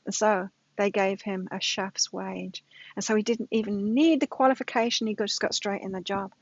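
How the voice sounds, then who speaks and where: A woman's voice: mid-range voice, fairly even intonation, moderate pace, no room sound, muffled recording. A middle-aged woman giving a casual weekly tarot reading, emphatic, repeating her points and telling stories to make them. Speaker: tarot reader.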